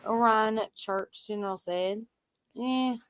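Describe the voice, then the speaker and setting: A woman with a Tennessee accent hosting a casual co-stream, playful and quick to laugh. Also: fairly high pitch, clean tone. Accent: Southern US, Tennessee. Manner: playful, laughing, affectionate teasing. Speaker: livestream host.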